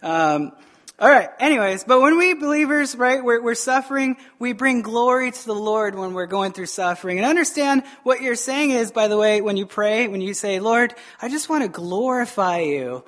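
Male pastor, lively preacher, jokes, quizzes the pews. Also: extremely high pitch, normal speed. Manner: animated, joking, quizzes the congregation. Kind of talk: sermon. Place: church service.

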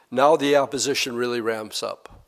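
A man preaching a sermon verse by verse, reading scripture aloud slowly and deliberately. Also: mid-range voice. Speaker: pastor. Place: church hall. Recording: long hall reverb.

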